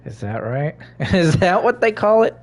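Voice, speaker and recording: A man's voice: big pitch swings, a little slow. Swearing man narrating his gameplay. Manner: swears a lot, talks to himself and laughs; sudden loud high outbursts. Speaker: gaming streamer. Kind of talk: casual gameplay commentary.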